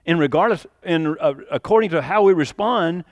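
Male pastor, high pitched, dramatic sermon delivery, dry close recording. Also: moderate pace, dry recording. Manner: animated preaching, acting out quotes with sudden rises and drops.

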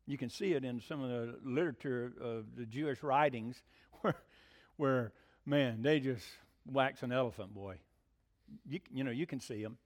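A man preaching a sermon in an animated, folksy, conversational way. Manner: animated, folksy, with swooping pitch. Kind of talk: sermon teaching.

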